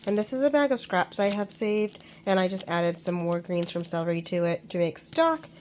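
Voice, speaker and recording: A woman's voice: fairly low pitch, lively intonation, normal speed, darkish tone, slight background noise. A woman with a stuffy, congested voice from a cold, casually talking through her home cooking in a kitchen vlog, practical and chatty with frequent ums.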